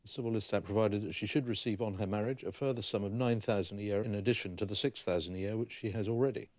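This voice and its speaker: A man's voice: lowish voice, fairly even intonation, fast talker, darkish tone, dry recording. A man, an archive historian, explaining documents and reading passages aloud. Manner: explanatory, reads aloud from papers.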